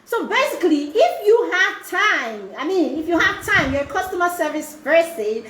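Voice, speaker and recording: A woman's voice: sits high, a bit bright, reverberant, a little hiss or hum. A woman giving a live-streamed parenting talk as a mentor, repeating herself and checking in often with "okay?" and "right?". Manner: repetitive, checking in with frequent tag questions.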